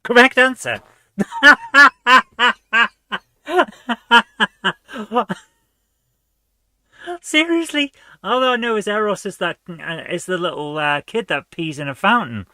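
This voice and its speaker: Bright-voiced male retro gaming host. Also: sits high, animated, normal speed, hardly any pauses, no room sound, studio quality. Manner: reads quiz questions aloud, chatty, laughs at own guesses. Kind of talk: casual let's-play commentary.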